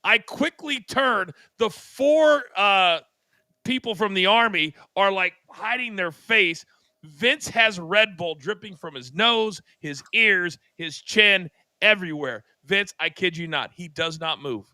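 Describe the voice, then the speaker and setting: A man's voice: high-pitched, animated, slow pace, pushed and bright, dry recording. An older man, a co-host of a talk show, telling a long story with dramatic flair and acted-out sound effects. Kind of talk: animated storytelling.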